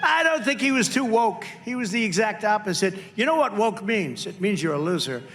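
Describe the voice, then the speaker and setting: On stage at a political event, a candidate with a high-pitched, expressive and slightly bright voice talks a little fast. His unscripted rally speech into the podium mic wanders, boasts, repeats itself and mocks his rivals.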